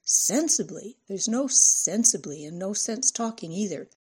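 A woman's voice: medium pitch, animated, unhurried, darkish tone, husky. A woman narrator voicing an indignant, theatrical woman who makes biting accusations.

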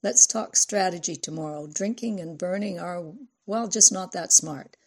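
A woman's voice: fairly low pitch, moderate pace, a little mellow, slightly rough. A woman voicing a stern, weary middle-aged father who scolds in clipped commands. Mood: tired.

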